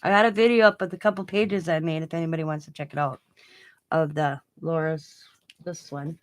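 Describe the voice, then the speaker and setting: A woman's voice: low-pitched, fairly even intonation, brisk, a little hiss or hum, poor audio. A woman hosting a casual crafting livestream from her home craft room, chatting in a rambling way and laughing often. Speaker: craft channel host.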